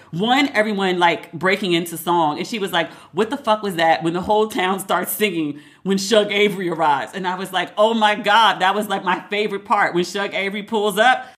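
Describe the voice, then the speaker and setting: A woman hosting a podcast, talking casually and emphatically, acting out both sides of a conversation with a friend. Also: medium pitch. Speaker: podcast host. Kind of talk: casual solo podcast monologue.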